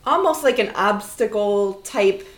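A woman's voice: mid-range voice, measured pace. A woman in her twenties telling a funny story in casual chat, acting out the people in it. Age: 20s. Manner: animated storyteller, acts out voices in her stories. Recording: roomy echo.

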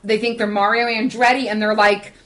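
A woman's voice: fairly high pitch, flat delivery, fairly quick, a bit bright. A woman in her forties in casual chat, defensive and emphatic.

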